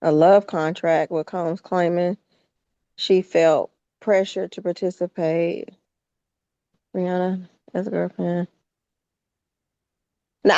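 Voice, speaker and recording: A woman's voice: on the low side, unhurried, long pauses, a little mellow, dry recording, highs cut off. A woman co-hosting a podcast, giving frank, opinionated takes in informal casual chat. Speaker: podcast co-host.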